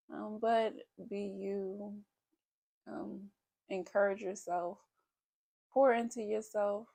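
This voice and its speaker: A woman in her thirties talks straight to her viewers in a casual, confessional vlog. She is blunt and candid, and her mid-pitched voice has a gravelly fry running through it. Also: mellow. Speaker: vlogger.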